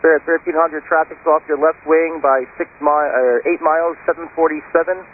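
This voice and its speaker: A man's voice: on the high side, fairly even intonation, brisk. A man working as an air traffic controller, giving clipped instructions and scolding a pilot with curt impatience. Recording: tinny radio transmission with faint noise.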